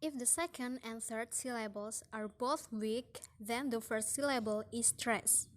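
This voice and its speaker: Slow, careful woman teaching phonetics. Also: on the high side. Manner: slow, careful reading of rules with drawn-out example words. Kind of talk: phonetics lesson.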